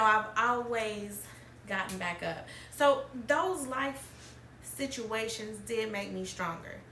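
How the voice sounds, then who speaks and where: A woman's voice: medium pitch, bright, forceful tone, a little hiss or hum. A woman from Alabama hosting an emotional personal conversation, speaking candidly and wavering between tears and laughter. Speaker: podcast host. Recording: echoey room, mic at a distance.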